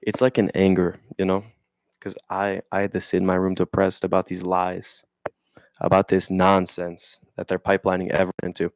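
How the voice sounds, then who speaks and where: Young man, very low voice, rambling slangy monologue, reads and riffs, dry close sound. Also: completely flat delivery, moderate pace, dry recording. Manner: rambling, slangy, checks in with "right?"; reads passages aloud then riffs on them. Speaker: vlogger. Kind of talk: casual explanatory monologue.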